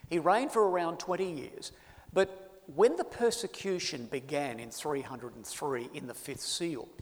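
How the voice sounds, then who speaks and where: A man preaching a sermon to his congregation, swinging from loud emphasis to hushed asides. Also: on the high side. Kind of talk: sermon on Bible prophecy. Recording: long hall reverb.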